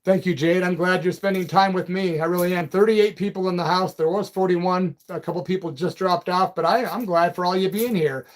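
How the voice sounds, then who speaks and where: A man's voice: sits high, fairly even intonation, a little fast, hardly any pauses. A man hosting a casual live chat, reading out viewer comments in a loose, friendly way and calling people brother and man. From Peoria, Illinois. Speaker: livestream and radio host.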